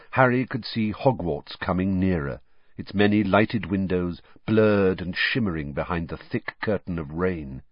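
A man narrates a storybook with animated, expressive delivery in a low, husky voice. His pitch moves a lot from line to line. The sound is dull and dry, with no room echo. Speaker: audiobook narrator. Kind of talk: scripted narration.

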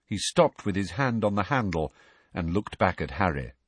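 Brief: male narrator, low husky voice, lively storytelling, dry close recording. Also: moderate pace, dry recording. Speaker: audiobook narrator. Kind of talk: scripted narration.

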